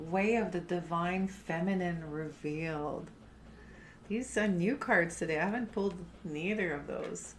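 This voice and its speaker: Woman, non-native English accent, soothing meditation guide, very slow delivery, roomy echo. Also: lowish voice, slight background noise. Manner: slow, soft and soothing, trailing off at phrase ends; giggles now and then. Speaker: chant and meditation leader. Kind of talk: guided meditation and oracle card reading. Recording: roomy echoey room.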